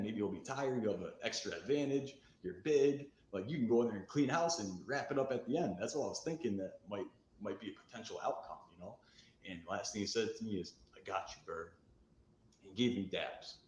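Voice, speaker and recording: In a recorded storytelling video, a man with a fairly low, slightly mellow voice tells a personal story candidly, rambling and poking fun at himself. The room is echoey with faint noise.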